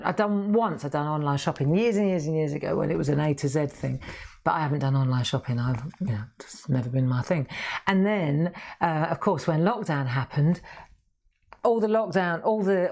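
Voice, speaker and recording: A woman's voice: deep voice, a little mellow. A middle-aged woman chatting casually to viewers while crafting live, laughing often. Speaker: craft livestream host.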